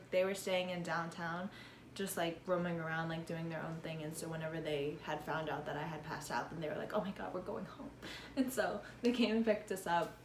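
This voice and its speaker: A woman's voice: fairly low pitch, slight background noise. A young woman vlogger telling a casual storytime, chatty, swearing often and laughing between lines. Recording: echoey room.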